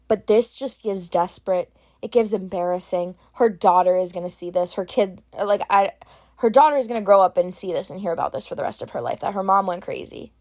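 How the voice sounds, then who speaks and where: A young woman talking straight into a close mic in a dry, deadened space, hosting her own podcast. She rambles chattily through fillers and restarts. Her opinions come out blunt and unfiltered. Her voice sits at an ordinary middle pitch. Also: no echo. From Boston area. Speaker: podcast host. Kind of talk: casual chat.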